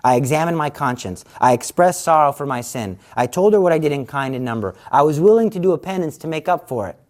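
A man's voice: a little high, lively intonation, fast talker. A man giving a casual Catholic teaching talk, explaining confession in a conversational, earnest way and acting out everyday scenes. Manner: conversational, acts out everyday scenes in quoted voices; earnest, urging.

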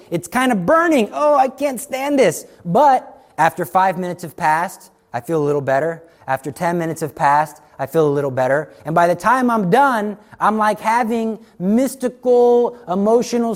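Guy preaching, kinda high voice, tells stories and plays all the parts. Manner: animated storytelling, acts out dialogue. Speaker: Catholic speaker. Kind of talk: sermon.

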